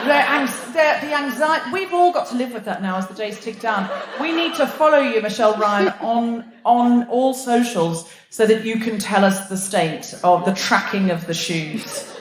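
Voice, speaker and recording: A woman's voice: a little high, animated, moderate pace. A woman raised in Australia hosting a live comedy podcast on a theatre stage, teasing the audience in playful banter. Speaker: host. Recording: noisy live theatre recording.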